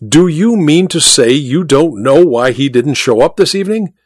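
A man voicing an excitable, dapper male gentleman who speaks with urgent insistence in a storybook reading. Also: fairly high pitch, normal speed, breathy edge, no echo, studio quality.

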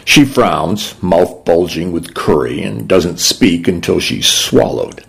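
A man narrating a first-person story in a measured, gentle, reflective way. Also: sits low, lively intonation, creaky, slightly rough.

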